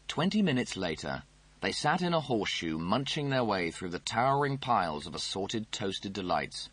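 A man narrating an audiobook in a measured, dry storytelling manner. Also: lowish voice, big pitch swings, fairly bright tone, husky.

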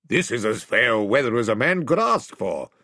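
A man's voice: medium pitch, sing-song, moderate pace, bright, forceful tone, no room sound, studio quality, exaggerated voice. A man voicing a hearty sea captain who roars his words with a big laugh. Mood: jovial.

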